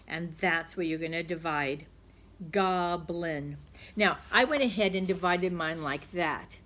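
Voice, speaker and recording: A middle-aged woman, a second-grade teacher, walking young children through a phonics lesson with patient step-by-step explanations and frequent check-ins. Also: mid-range voice.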